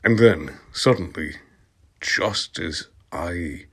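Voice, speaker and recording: A man's voice: low voice, big pitch swings, slow, breathy edge. A man giving an amused, comic reading of a story, breaking off to laugh and comment, sometimes dropping to a whisper. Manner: drops into soft whispers at times. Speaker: channel host reading aloud. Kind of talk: comic reading of fan fiction, ASMR.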